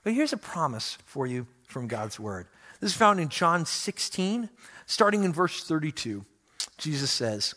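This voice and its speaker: A man, a pastor, preaching a sermon with animated, self-mocking storytelling and playful complaints to God. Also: sits high, a little slow.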